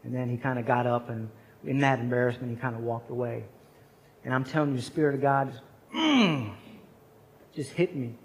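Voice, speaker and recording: A man's voice: mid-range voice, normal speed, pauses often, a little hiss or hum, low-quality recording. A man in his forties preaching at a chapel service, telling a personal story and acting out the voices of the people in it. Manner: storytelling, acts out quoted voices. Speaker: chapel speaker. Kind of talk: sermon story.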